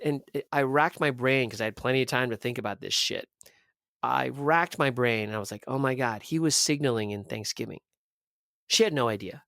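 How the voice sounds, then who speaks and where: Male podcast guest, middle-pitched, blunt and profane storyteller, dry close sound. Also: dry recording. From Southern California. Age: 30s. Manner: blunt, profane, animated storyteller who acts out quoted dialogue. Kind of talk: candid conversational storytelling.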